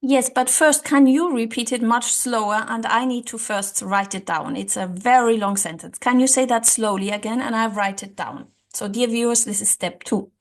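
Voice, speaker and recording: A woman's voice: a little high, moderate pace, hardly any pauses. Chatty woman hosting a language lesson. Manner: chatty, thinks aloud, laughs easily. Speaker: language-learning video host. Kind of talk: casual tutorial talk to camera.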